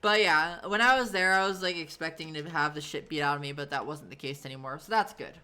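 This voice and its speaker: A woman in her thirties chats on a live stream from her home setup, her voice bright and sharp. She rambles loosely through her stories, with plenty of fillers and the odd swear word, and her tone stays clean and crisp. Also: low-pitched, fast talker. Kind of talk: casual storytelling on a live stream.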